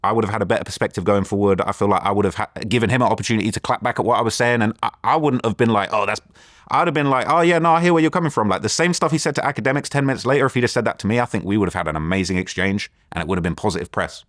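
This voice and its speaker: A young man, telling a story as an interview guest, lively and full of quoted dialogue and fillers. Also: fairly low pitch, rapid-fire, hardly any pauses, no echo, clean studio sound.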